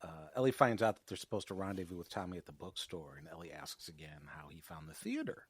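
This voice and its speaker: Podcast co-host, male, husky, bouncy delivery, wry and profane, close dry mic. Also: low voice, very animated, fast, no echo. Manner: profane, wry, laughs often. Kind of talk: casual recap chat.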